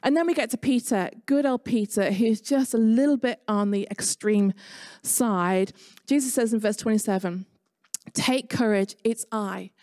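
English woman preacher, conversational storytelling sermon; mellow tone, dry recording. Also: fairly high pitch, moderate pace, no room sound. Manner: chatty, conversational preaching with personal stories. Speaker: pastor. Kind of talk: online sermon.

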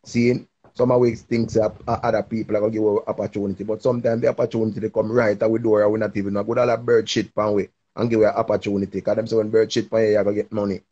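Guy giving pep-talk advice, low husky voice, dull lo-fi audio. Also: flat delivery, racing, dark tone. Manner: preachy, encouraging, patois-heavy. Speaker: live stream host giving advice. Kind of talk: casual advice chat.

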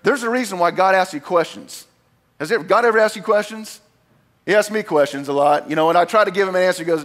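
A man preaching a sermon as pastor, talking casually to his congregation and acting out quoted lines with big jumps in pitch and loudness. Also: fairly quick. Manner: animated, acts out God's lines with big swings in pitch and volume; conversational asides to the congregation.

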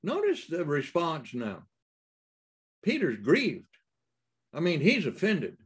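A man preaching a sermon in a halting way, with many fillers and restarts and emphatic rises. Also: a little high, huge pitch swings, breathy edge.

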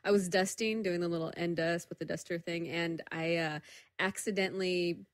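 A woman co-hosting a podcast in casual chat, laughing often and telling stories with animated energy. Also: fairly low pitch, normal speed, no room sound, studio quality. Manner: giggly, animated storytelling. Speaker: podcast co-host.

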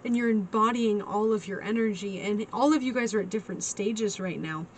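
A woman's voice: mid-range voice, brisk, slight background noise. A woman giving a casual tarot reading, chatty and giggly, calling her listeners honey. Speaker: tarot reader.

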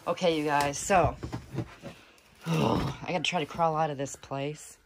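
Her voice is low, steady, measured, and creaky, set against a noisy background. Exploring an abandoned cabin attic in a hushed vlog, she nervously exclaims and chats with her viewers and the animals she finds.

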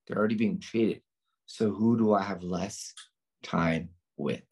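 A man's voice: sits low, measured pace, creaky, darkish tone, slightly rough. A man tutoring nursing students, drilling them in a lecture style with questions he asks and answers himself.

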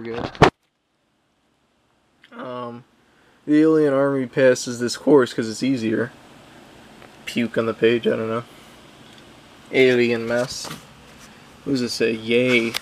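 A man's voice: mid-range voice, slight background noise. A young man casually reading a book he made as a child, with wry asides and frequent ums. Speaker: YouTuber.

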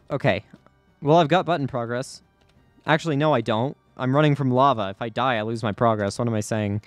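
A man's voice: medium pitch, no echo. A man giving live commentary over his own gameplay, anxious and repeating himself under pressure. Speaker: gaming YouTuber.

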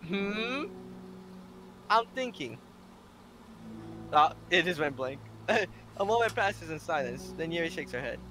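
A man's voice: on the high side, lively intonation, normal speed, noisy background. A man reading the narration of a visual novel in a casual let's play, laughing now and then. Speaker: gamer.

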